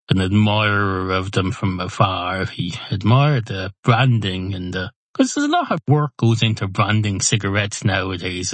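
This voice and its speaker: A man's voice: fairly low pitch, no room sound. A man voicing a fussy young male cat at a bar, rambling and drifting off topic.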